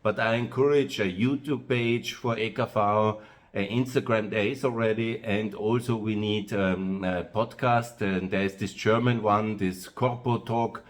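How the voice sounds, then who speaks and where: A man with an Austrian-accented English voice that sits a little low. He talks in an unscripted, rambling way, pausing on "uh" and circling back to repeat himself. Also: fairly even intonation. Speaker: host of his own video channel. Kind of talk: monologue to camera.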